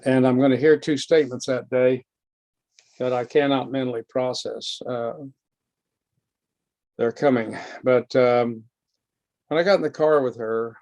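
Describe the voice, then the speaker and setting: Man telling his own recovery story at a lecture, gravelly voice, close dry sound, slow and heartfelt. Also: mid-range voice, a little mellow, dry recording. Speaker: guest speaker. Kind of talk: personal recovery testimony. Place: lecture hall.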